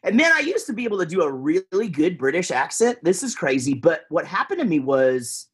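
A man's voice: fairly high pitch, big pitch swings, a little fast, breathy edge. A man with a Texan accent, chatting casually as a podcast guest, rambling with lots of fillers and restarts. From Texas, USA.

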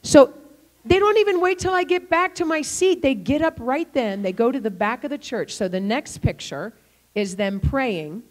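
An older woman preaching in a church, telling a lively story and acting out the people in it. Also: high-pitched, moderate pace. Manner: animated, acts out the people in her stories. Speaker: guest preacher. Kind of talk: storytelling sermon.

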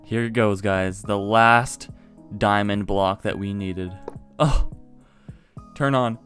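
A man giving casual let's-play commentary, excitable and chatty, talking to viewers while he plays. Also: fairly low pitch, slow pace, soft background music. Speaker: gaming video host.

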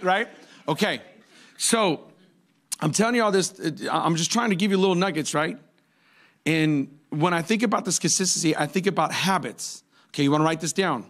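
Man, pastor, sermon, forties, high-pitched, animated storytelling, comic squeals. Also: moderate pace.

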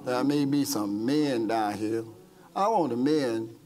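Over loud music at a church service, a male pastor with a medium-pitched voice preaches slowly and passionately. His sermon includes an altar call, and he dramatizes quoted lines while retelling stories.

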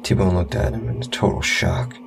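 A man with a deep, gravelly voice tells a first-person scary story in a blunt, profane, wry way. Music plays clearly underneath him throughout. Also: steady tone, moderate pace. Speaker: narrator.

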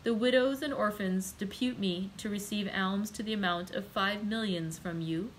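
Woman voicing a courteous formal male official, mid-pitched, steady. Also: normal speed, a little hiss or hum, lightly acted, poor audio.

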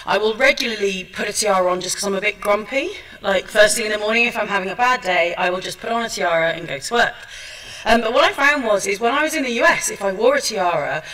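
This woman is a seminar speaker at a trade show, talking in a chatty, self-mocking way with plenty of ums and false starts. Her pitch is medium and her tone sharp; the mic sits far away and the recording is rough.

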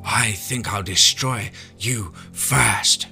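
A man voicing a menacing woman villain full of stolen power, crooning and booming slowly with a faint echo on her voice. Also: gravelly, pushed and bright, faint music behind, exaggerated voice. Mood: crooning menace. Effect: slight echo on voice. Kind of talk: horror story reading.

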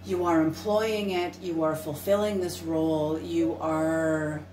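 A woman's voice: low voice, little pitch movement, slow, a little hiss or hum. A woman giving an intuitive tarot reading, earnest and emphatic, repeating her points. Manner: earnest, repetitive, emphatic, occasional swearing. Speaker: tarot reader. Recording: roomy, distant mic with soft music.

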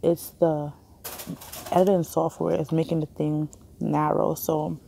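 A woman's voice: sits low, little pitch movement, unhurried, creaky, warm tone, a little hiss or hum. A young woman chatting casually on a phone vlog in a hospital waiting area, rambling and laughing often. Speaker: vlogger. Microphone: phone camera held in hand.

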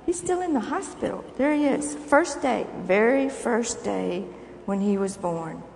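An older woman gives a children's sermon, coaxing the children with gentle questions. Her voice sits fairly high but sounds mellow. She is recorded in a reverberant church hall with a faint hiss behind her. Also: animated, unhurried, gravelly. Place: church sanctuary.

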